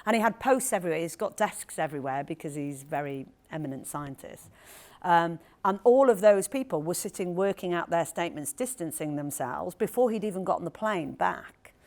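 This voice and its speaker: A woman author in conversation at a live event, telling an anecdote in a lively, animated way with quick asides. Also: on the low side. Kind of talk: storytelling talk at a live event. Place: event hall with audience.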